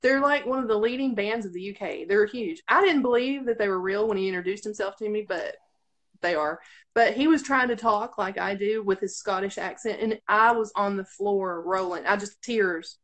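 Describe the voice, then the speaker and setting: A woman's voice: medium pitch, normal speed, fairly bright tone. Giggly Southern woman, chatty. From Arkansas, USA. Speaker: radio host. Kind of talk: casual live-stream chat. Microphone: video call.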